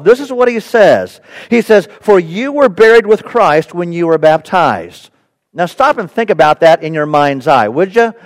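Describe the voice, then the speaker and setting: A pastor preaching a sermon, emphatic and repeating his key points for emphasis. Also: high-pitched. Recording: long reverb in a large hall.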